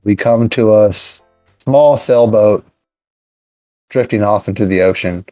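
Male game master, lowish voice, unhurried narration, light music bed. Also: mellow, no echo, low-quality recording. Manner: unhurried, many "uh" pauses.

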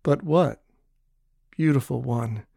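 A devoted young frontiersman speaks low and resolute, as a male narrator reads him. He is calm under pressure in a storybook tale. The sound is close and dry. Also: slow, vocal fry, slightly rough, no room sound, heavily acted. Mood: quiet, resolute. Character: young backwoods man, devoted and steady.

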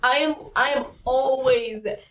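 A woman hosts a podcast, chatting and telling stories in a quick, animated way. Her voice sits a bit high. The room echoes and a faint hiss runs behind. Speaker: podcast host. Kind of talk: casual chat.

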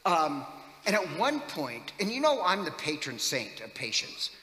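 Chatty priest in an echoey church. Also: male voice, a little high, very animated, unhurried, pushed and bright. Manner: chatty, jokey, lots of fillers. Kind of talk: homily with storytelling.

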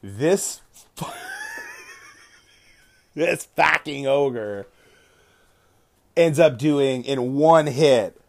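A man's voice: medium pitch, very slow, creaky, pauses often. A man hosting a podcast, casually retelling a tabletop game session, swearing freely and often correcting himself mid-sentence. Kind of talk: casual storytelling.

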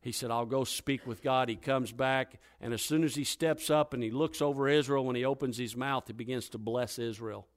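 A male preacher retelling a scripture story in a lively, dramatic sermon style. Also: mid-range voice, brisk, hardly any pauses. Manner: lively, dramatic retelling with wide swings in loudness.

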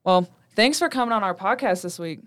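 A woman's voice: medium pitch, lively intonation, a little fast, no room sound. A young woman co-hosting a student radio podcast, chatting casually and laughing often. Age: young adult.

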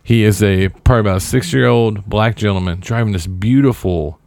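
A man's voice: fairly low pitch, brisk, darkish tone, no echo, studio quality. A man in his thirties co-hosting a casual podcast, telling a long story in a laid-back, wry way and acting out what others said. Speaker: podcast co-host.

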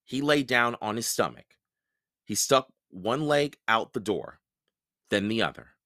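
A man reading a children's book aloud for a podcast, expressive and unhurried. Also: on the low side. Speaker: podcast storyteller.

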